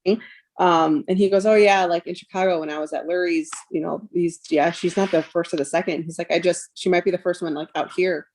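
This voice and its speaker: A woman's voice: on the low side, steady tone, brisk, a little mellow, slight background noise. A woman in her thirties, a mother and podcast guest, retelling a painful personal story with lots of "like" and "um" and quoted dialogue. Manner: emotional retelling, quotes others, frequent fillers like "like" and "um".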